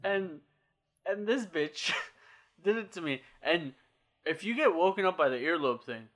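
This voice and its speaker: A young man with a slightly raised pitch, talking in a loose, lively way. He tells stories with a lot of energy and breaks into laughter easily in a casual chat among friends. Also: unhurried. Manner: animated storytelling, laughs often.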